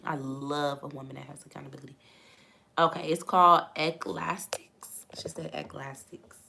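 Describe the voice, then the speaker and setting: Gravelly chatty woman reading scripture to viewers. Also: deep voice, a bit bright. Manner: laughing, chatty, reads viewer comments aloud. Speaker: livestream host reading the Bible. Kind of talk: casual live chat with viewers.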